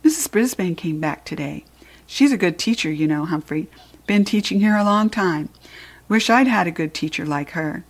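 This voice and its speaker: A woman's voice: on the low side, animated, moderate pace. A woman voicing a cheerful, joking middle-aged man who cleans a school at night, in a storybook read-aloud. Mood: jovial. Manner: jovial, chatty, teasing.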